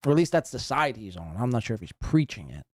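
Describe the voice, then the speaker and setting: A man's voice: mid-range voice, sing-song, fast talker, no echo, clean studio sound. A man hosting a live podcast, giving crude, sarcastic commentary as he reacts to clips.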